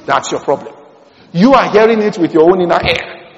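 A man preaches with emphasis, repeating his key lines and dropping from loud bursts to near hushes. His voice sits fairly high for a man. It rings through a reverberant church hall, captured with a dull, muffled quality. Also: lively intonation, a little fast. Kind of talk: sermon.

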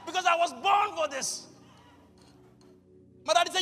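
A pastor preaching a sermon, bursting into shouts and acting out conversations with God. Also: male voice, extremely high pitch, moderate pace, pauses often, big-room sound, soft background music. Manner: acts out dialogues with God.

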